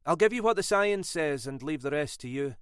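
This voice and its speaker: A man's voice: a little high, animated, a little fast, smooth, no echo, voice pushed up, lightly acted. Man as frank woman forensic scientist, matter-of-fact, wry, dry sound.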